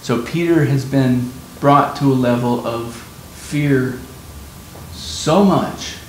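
A man preaching a sermon on scripture, explaining emphatically and repeating his key points. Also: slow. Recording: very echoey room, faint rumble.

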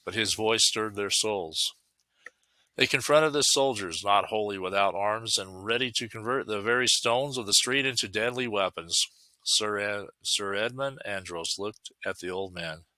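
A man narrates a story in a measured, deliberate reading voice. His tone is lowish with a sharp, keen edge. The recording is dry and close, with no room sound. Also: dry recording. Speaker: story reader.

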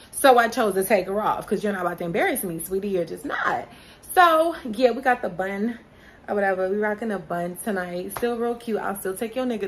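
A woman's voice: medium pitch, a bit bright, poor audio. A woman vlogging in casual chat, blunt and profane, talking straight to her viewers.

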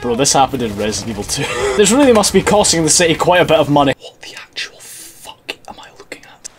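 A man's voice: on the high side, very animated, fast talker, soft background music. A young man giving sarcastic, profane let's-play commentary on a video game, laughing often. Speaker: gaming video creator.

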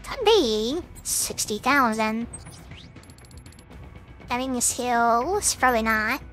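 A woman's voice: a little high, lively intonation, slow, a bit bright. A woman streamer chatting casually as she plays, thinking aloud about the game. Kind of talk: casual gameplay commentary. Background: game music.

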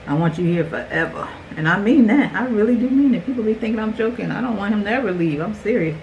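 A woman's voice: mid-range voice, expressive, fast talker, gravelly, a little mellow, muffled recording, a little hiss or hum. A woman in her forties chatting directly to her viewers while doing a makeup tutorial at home. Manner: chatty, talks straight to viewers. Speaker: beauty vlogger.

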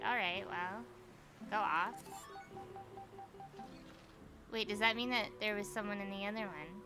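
A young woman streaming from home, chatting casually over gameplay, excitable and swearing freely. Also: medium pitch. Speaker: live streamer. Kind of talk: casual live gameplay commentary.

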